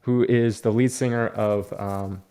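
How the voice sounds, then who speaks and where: A man's voice: on the low side, fairly even intonation, a little slow, warm tone, clean tone. A man chatting casually on his vlog, rambling and telling stories as he goes. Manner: chatty, rambling storyteller with frequent fillers and restarts. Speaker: comic book collector vlogger.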